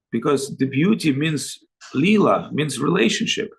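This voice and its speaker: A man acting as a spiritual teacher, giving a talk over a video call. He tells joking anecdotes in halting, broken phrasing. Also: mid-range voice, lively intonation, vocal fry, fairly bright tone, slightly rough, poor audio. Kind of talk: spiritual talk answering questions.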